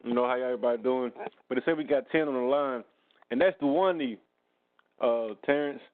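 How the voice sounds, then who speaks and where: A man from Atlanta calling into a live chat show, talking in a quick, offhand way. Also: medium pitch. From Atlanta, USA. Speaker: caller. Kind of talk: casual call-in chat. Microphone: phone call. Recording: dry tinny phone line.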